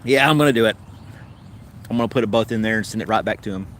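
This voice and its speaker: A man's voice: on the low side, fast talker, a bit bright, slight background noise. A man with a Tennessee accent hosting a casual livestream chat, rambling along in an easygoing way. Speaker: host.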